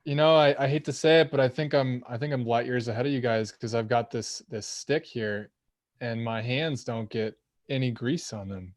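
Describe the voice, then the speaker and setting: A man co-hosting a casual chat, playful and halting, with frequent "uh" restarts. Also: mid-range voice, no room sound. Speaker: co-host. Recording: dry close mic.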